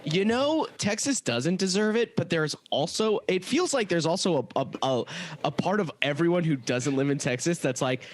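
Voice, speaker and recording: Casting note: deadpan-ish male comedian guest, animated pitch, a bit high. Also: moderate pace. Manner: wry, self-deprecating, laughs often. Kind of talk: casual comedic banter.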